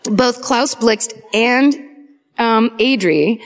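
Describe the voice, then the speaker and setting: A woman's voice: a little high, drawn-out words. A woman co-hosting a live true crime show on stage, telling the story in a chatty way and laughing at her own jokes. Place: live on stage in a large auditorium.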